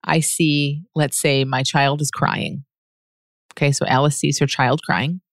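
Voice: mid-range voice, fairly even intonation, a little slow, dry recording, studio quality. A speaker answering a listener's question in a reflective teaching monologue, patient and earnest, reasoning aloud and often restarting sentences. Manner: laughs softly mid-sentence.

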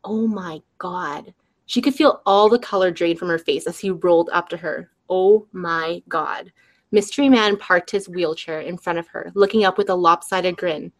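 A woman author reading her own novel aloud, relaxed, with side comments and restarts. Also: lowish voice, moderate pace.

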